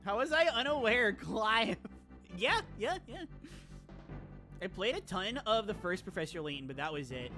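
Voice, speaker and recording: A woman VTuber streamer chatting casually on stream, excitable and gushing, laughing often and rambling into asides. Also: medium pitch, normal speed, soft background music. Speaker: VTuber streamer reacting to viewer game lists. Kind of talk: casual live-stream chat.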